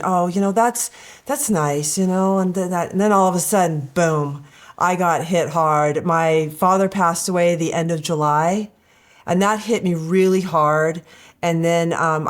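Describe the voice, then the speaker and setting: A woman who is a reality show contestant, telling animated and emotional personal stories in a candid interview. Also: on the low side.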